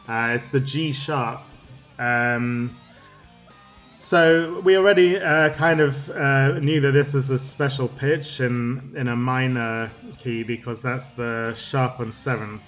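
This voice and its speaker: A man's voice: mid-range voice, fairly bright tone. Guy rambling through music theory, lots of ums, bit of music playing faintly behind. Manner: halting, many ums and restarts. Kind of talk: casual spoken explainer.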